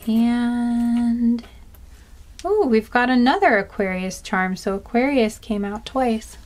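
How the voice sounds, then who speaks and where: A woman doing a slow, soft-spoken pick-a-card reading, listing charms one by one with small asides. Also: a little high. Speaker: tarot card reader.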